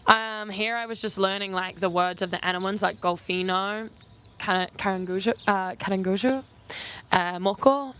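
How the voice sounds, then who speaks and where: A young travel vlogger from New Zealand talks through viewer questions in a loose, rambling way. Her pitch sits in the middle for a woman, and she fills her sentences with "like" and quick asides. A faint hum of outdoor noise runs under her voice. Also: bright, forceful tone. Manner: chatty, heavy use of "like", quick asides. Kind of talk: casual Q&A chat. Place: outdoors on an island.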